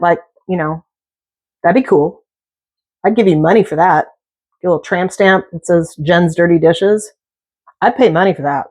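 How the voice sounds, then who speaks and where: A woman's voice: lowish voice, a little mellow. A middle-aged woman chatting casually and telling jokey stories while she cooks. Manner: chatty storyteller, jokey asides. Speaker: cooking vlogger. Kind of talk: casual chat while cooking.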